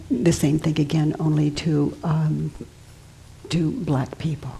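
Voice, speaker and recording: An older woman guiding a participant in a live workshop, soft and coaxing, sometimes dropping to a whisper. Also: low-pitched, level tone, slow, vocal fry, low-quality recording. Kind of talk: gentle guided coaching on stage.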